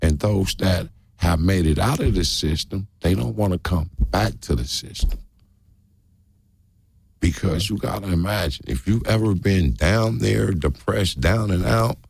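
A man's voice: deep voice, animated, unhurried, gravelly, darkish tone, slightly rough, no room sound, studio quality. A man in his thirties or forties speaking earnestly in a casual group discussion, preaching and repeating his key phrases. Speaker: discussion participant.

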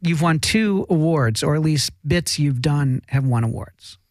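A man's voice: fairly high pitch, animated, measured pace, darkish tone, dry recording. A man hosting an interview, teasing his guest in an upbeat way. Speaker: host, interviewer. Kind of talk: casual interview chat.

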